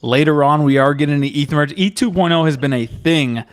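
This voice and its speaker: A man's voice: on the high side, fairly quick. A man hosting a casual livestream chat, upbeat and laid-back, reading out viewer names. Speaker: host.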